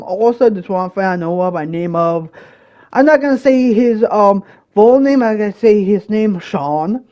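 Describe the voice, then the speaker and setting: Telling a personal story on his channel, this young host rambles along casually, full of fillers and restarts, now and then erupting in loud exasperation. He sounds high-pitched, and the highs are cut off.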